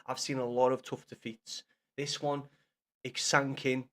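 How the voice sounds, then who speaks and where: A man's voice: mid-range voice, level tone, a little slow, a bit bright. A young man chatting casually with his live-stream viewers in blunt, sweary banter. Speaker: livestreamer.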